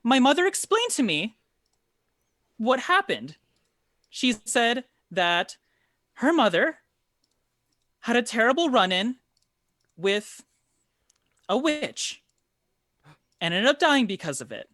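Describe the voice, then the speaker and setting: A woman voicing a frazzled, nervous noblewoman in a tabletop game, higher than her own voice and apologetic. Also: very animated, slow pace, pauses often, fairly bright tone, dry recording, studio quality, heavily acted. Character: frazzled, shaky young noblewoman with dark blood.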